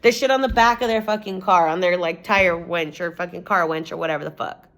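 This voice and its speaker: A woman's voice: on the low side, a little fast, a bit bright. A young woman vlogger telling a personal story in a rambling, casual way, swearing often and saying "like" a lot.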